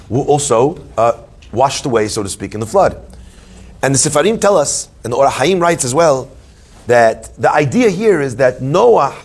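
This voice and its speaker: A man, a rabbi, giving a Torah class to a live audience, animated and joking, telling stories and asking questions. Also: medium pitch. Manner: animated, joking storyteller who asks questions.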